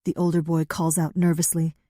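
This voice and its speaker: Woman narrator, dark mellow tone, dry close sound, measured scripted storytelling. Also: deep voice, little pitch movement, no room sound. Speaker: audiobook narrator.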